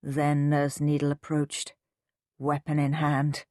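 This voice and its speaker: A woman narrating a children's storybook in an expressive, drawn-out storytelling manner. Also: lowish voice, no room sound, clean studio sound. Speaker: audiobook narrator.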